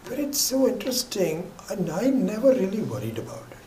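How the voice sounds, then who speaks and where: A man's voice: sits high, sing-song, brisk, mellow. A man gives a spiritual teaching in a loose, rambling way, stopping and restarting often and sometimes sinking to a near whisper. The sound is roomy and echoey, with faint ambient noise underneath. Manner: rambling, with many fillers and restarts. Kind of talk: scripture class talk.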